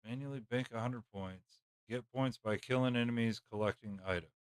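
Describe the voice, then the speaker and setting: Brief: male game streamer, smooth dry voice, wisecracking commentary. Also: mid-range voice, brisk, no echo. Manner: joking, thinking aloud. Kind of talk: live gameplay commentary.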